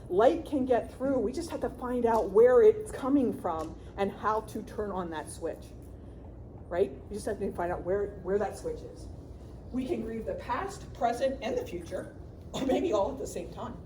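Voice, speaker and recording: A middle-aged woman giving a workshop talk on grief as a counselor, chatty and lively, often checking in with the audience and laughing. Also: on the high side, normal speed, background noise.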